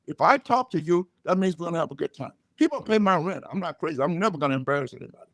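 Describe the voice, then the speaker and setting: An older man, a comedian guest, telling stories and jokes in a loud, punchy way. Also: a little high, rapid-fire, vocal fry, no echo, studio quality. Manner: loud punchy joke delivery, animated storytelling. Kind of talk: storytelling comedy chat.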